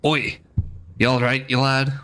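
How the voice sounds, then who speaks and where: A man voicing a chatty sailing merchant in a rough folksy accent he admits he is not good at. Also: lowish voice, normal speed, fairly bright tone, slight background noise, natural voice. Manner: homely, colloquial, slightly clumsy put-on accent.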